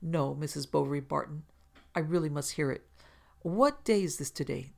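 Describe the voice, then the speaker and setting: A woman's voice: deep voice, normal speed, gravelly. A woman reading aloud and voicing an eager, inquisitive male scientist. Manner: keen, inquisitive. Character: eager, curious middle-aged male scientist.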